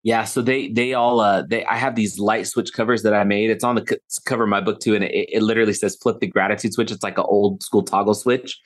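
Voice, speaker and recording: A middle-aged man, a guest on a podcast, talking earnestly and telling stories with lively quoted dialogue. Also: fairly low pitch, brisk, hardly any pauses. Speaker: podcast guest, author and speaker. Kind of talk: conversational interview.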